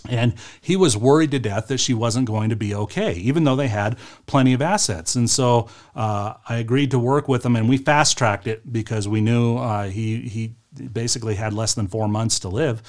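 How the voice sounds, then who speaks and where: Conversational man presenting a financial webinar. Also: mid-range voice. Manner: conversational, storytelling with fillers and rhetorical questions. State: choked up at moments. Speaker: financial advisor.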